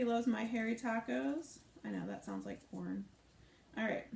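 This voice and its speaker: A woman with a gravelly, fairly high voice speaks a little fast and animatedly while hosting a live cooking stream. Playfully chatting as she cooks, she reads viewer comments aloud in an echoey room with faint noise.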